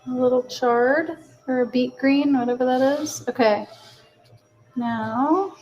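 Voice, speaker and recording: A woman with a fairly high voice chats casually while cooking on a livestream. She laughs at her own mistakes and answers viewers' comments in a loose, self-mocking way. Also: slow, darkish tone, highs cut off, soft background music. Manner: chatty, self-mocking, reads chat aloud and answers.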